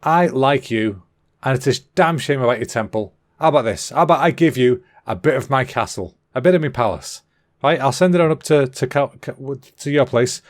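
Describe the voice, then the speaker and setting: A man's voice: mid-range voice, expressive, fairly quick, lightly acted. A man voicing a friendly, generous shogun, talking in a chummy, blokey way. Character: friendly male Japanese shogun, matey and generous.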